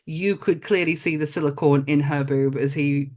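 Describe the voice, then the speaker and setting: Lower-voiced woman, blunt and giggly. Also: fairly even intonation, moderate pace, darkish tone. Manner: blunt, giggly, swears freely. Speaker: podcast co-host. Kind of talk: casual film review chat.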